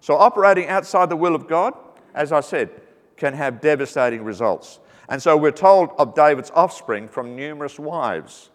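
A man's voice: on the high side, lively intonation, moderate pace. A man preaching a sermon, earnest and teaching, with joking asides that lighten the message. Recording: reverberant hall.

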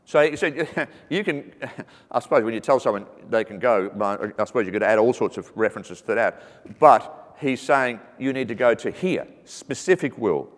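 A man's voice: mid-range voice, lively intonation, moderate pace. A man preaching a sermon, earnest and teaching, with joking asides that lighten the message. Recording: reverberant hall.

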